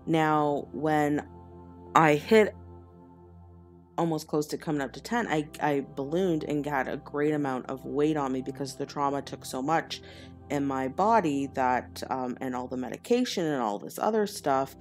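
A woman's voice: deep voice, a little slow, faint music behind. A woman, a spiritual teacher, telling her life story in an earnest, confessional way, laughing now and then. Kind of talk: personal storytelling monologue.

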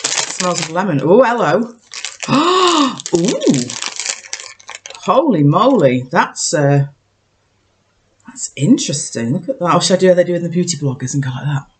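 A woman's voice: lowish voice, animated, moderate pace, pauses often, background noise. A woman vlogger in casual chat, thinking aloud and joking at herself as she tastes snacks. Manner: chatty, self-mocking, thinks aloud while tasting.

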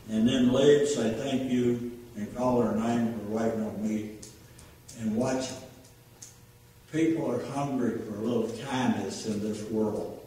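An older man preaches an informal sermon, telling plainspoken everyday stories in a homely way. His voice sits at an ordinary pitch and comes from a distance across a very echoey church, with faint room hum behind. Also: fairly even intonation, normal speed, dark tone. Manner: folksy, storytelling, plainspoken. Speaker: lay preacher. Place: church sanctuary.

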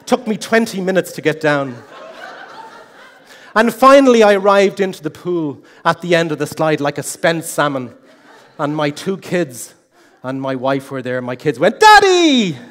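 High-voiced man telling a comic story. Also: normal speed. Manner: animated comic storytelling, self-mocking. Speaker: contest speaker. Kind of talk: humorous competition speech. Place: large hall. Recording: long hall reverb.

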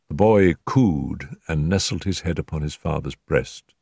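An older man narrating a classic mystery in a measured storytelling manner. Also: extremely low pitch, vocal fry, darkish tone, breathy edge, no room sound, studio quality. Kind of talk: audiobook narration.

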